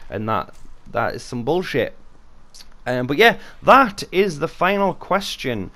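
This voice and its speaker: A man's voice: fairly high pitch, big pitch swings, a little slow, sharp tone. A British man hosting a casual gaming Q and A vlog, talking off the cuff with a chatty, rambling manner. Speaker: YouTube channel host.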